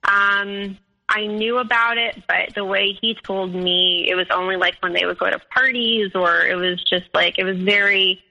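A woman's voice: medium pitch, fairly even intonation, normal speed, creaky, sharp tone, poor audio. A woman on a podcast telling her own story in a hesitant way, with many ums and likes. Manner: hesitant, full of "um" and "like". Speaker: podcast guest. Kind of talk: recounting a personal story.

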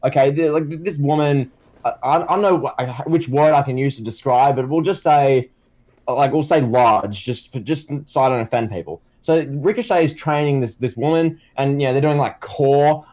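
This comedy-chat co-host has a darkish voice on the high side and talks at a normal speed. In the casual conversation he tells meandering stories loaded with fillers and restarts.

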